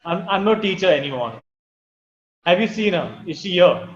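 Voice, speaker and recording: A man's voice: high voice, lively intonation, moderate pace, roomy sound, highs cut off. An actor playing a weary, desperate male prophet in an audio drama, strained and urgent. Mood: angry.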